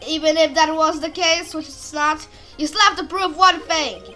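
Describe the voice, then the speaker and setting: A woman's voice: sits high, fairly even intonation, moderate pace, sharp tone, soft background music. A woman voicing a stern male prosecutor who dismisses the defense with objections. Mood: dismissive.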